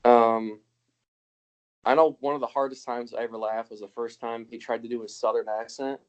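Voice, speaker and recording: A man's voice: mid-range voice, steady tone, normal speed, a little mellow, muffled recording. A young man co-hosting a casual podcast chat, laughing often and acting out quotes in raised voices. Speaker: podcast co-host.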